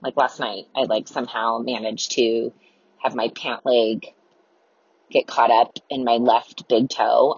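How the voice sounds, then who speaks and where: A woman's voice: a bass voice, flat delivery, measured pace, husky, no room sound. A woman guest telling a rambling, giggly, self-deprecating story in casual talk. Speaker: podcast guest. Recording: dull lo-fi recording.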